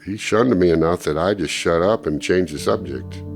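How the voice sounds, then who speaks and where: An older man, interviewed, recounting a personal story and acting out what others said in lively bursts. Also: low-pitched, moderate pace, vocal fry, music in the background. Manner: animated storytelling, acting out quoted speech. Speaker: interviewee, former ministry student.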